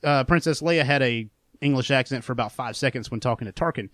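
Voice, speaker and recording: A man co-hosting a podcast, chatting casually with lively, laughing asides. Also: medium pitch, fast, dry recording. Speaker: podcast co-host.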